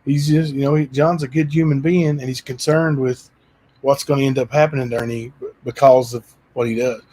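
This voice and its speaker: A man's voice: medium pitch, fairly even intonation, brisk, a little mellow. A man hosting his own livestream channel, chatting loosely with frequent fillers. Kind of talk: casual chat.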